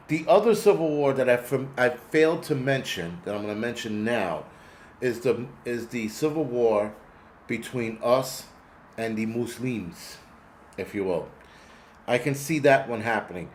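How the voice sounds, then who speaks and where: A man in his forties runs a casual livestream, ranting in a rambling, foul-mouthed way while replying to his chat. His pitch is medium, with slight background noise behind him.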